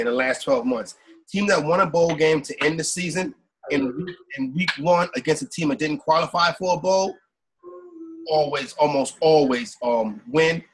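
A man with a slightly husky, raised voice chats loosely about football bets on a sports podcast. He rambles along in a relaxed way and keeps checking in with his co-host. His talk sounds easygoing and conversational. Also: a little high, rough recording. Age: adult with kids. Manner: loose, rambling, says "you know what I'm saying" often. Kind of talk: casual sports betting chat.

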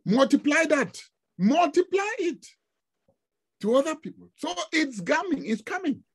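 A man from Africa giving an informal online lecture, animated and exclamatory, often breaking into laughter. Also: extremely high pitch, a little slow. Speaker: guest lecturer.

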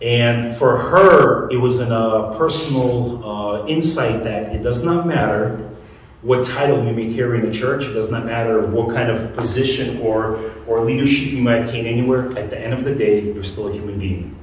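Heard from a distance in a reverberant church hall, with a little hiss or hum, a pastor preaches at a normal speed in a mid-range voice. His sermon feels conversational, and he keeps asking the congregation questions.

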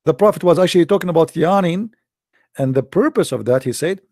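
A man giving a sarcastic, scoffing monologue, slowing right down whenever he reads a quote aloud. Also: fairly high pitch, animated, darkish tone, dry recording, studio quality. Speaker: online commentator. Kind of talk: mocking monologue commentary.

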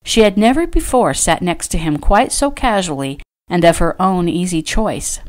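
A woman with a lowish voice reading her own novel aloud. Her narration is measured and gentle, steady through the prose. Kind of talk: audiobook narration.

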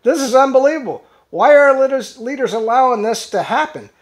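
A man's voice: extremely high pitch, lively intonation. A man reads social media posts aloud on his own commentary show. He stumbles over words and restarts them, breaking off for sarcastic, conversational asides. The delivery stays loose and unscripted. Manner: halting, restarts words while reading. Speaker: channel host.

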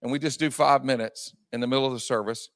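A man preaching a sermon in a church, repeating his phrases and swinging from shouting to quiet asides. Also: mid-range voice, fairly even intonation, fast talker, dry recording. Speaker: pastor. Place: church sanctuary.

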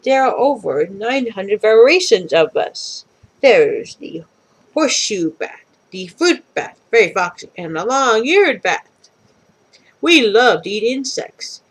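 A woman's voice: on the high side, sing-song, slow pace, slightly rough, heavily acted, poor audio. A woman reading aloud and voicing a group of small bats who lecture about themselves. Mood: explaining. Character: chatty bat colony, small creatures.

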